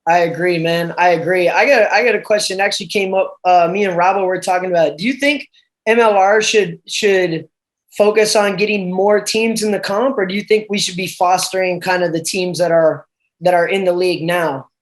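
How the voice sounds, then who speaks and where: A young male host talks through things in loose, relaxed runs and restarts as he goes. His voice sits high for a man. The delivery is conversational and unscripted. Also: fairly quick. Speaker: podcast host, rugby player. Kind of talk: casual chat.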